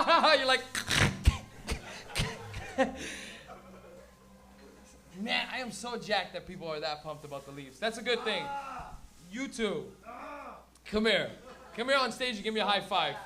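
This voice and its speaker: A man doing crude, rambling live stand-up comedy as host, acting out characters for a crowd. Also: high-pitched. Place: comedy venue before a live audience.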